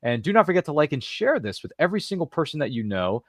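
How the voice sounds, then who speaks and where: A man's voice: on the high side, big pitch swings, fast talker, dry recording. Chatty guy hosting an interview, jokes at himself, dry sound. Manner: chatty, jokey, self-deprecating, filler-heavy. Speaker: podcast host. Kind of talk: casual interview chat.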